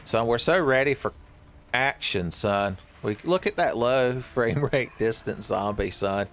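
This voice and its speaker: A man's voice: mid-range voice, measured pace, fairly bright tone, slight background noise. A man giving joking, rambling commentary while he plays a horror game, often laughing at his own jokes. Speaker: streamer playing a horror game.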